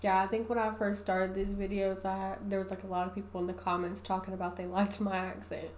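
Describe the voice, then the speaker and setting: A woman's voice: mid-range voice, level tone, fast, a little mellow. A woman with a country American accent, co-hosting a reaction video in laid-back casual chat. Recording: echoey room.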